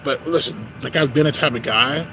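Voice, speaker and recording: Guy rambling n swearing a lot while walking around outside, cars going by, mid-pitched voice. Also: brisk. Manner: rambling, heavy swearing, frequent "you know what I'm saying". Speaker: vlogger. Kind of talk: casual unscripted monologue. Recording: street and traffic noise.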